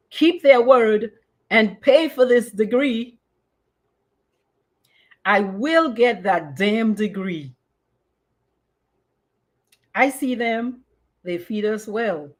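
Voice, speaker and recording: With a mid-range voice, a woman in her fifties who hosts a podcast gives an expressive reading of her personal memoir before chatting casually and slipping in Creole phrases.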